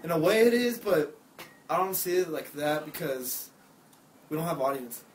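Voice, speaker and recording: Teen guy, slightly high voice, loose rambling talk, faint background noise. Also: expressive, normal speed, rough recording. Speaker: podcast co-host. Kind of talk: casual chat.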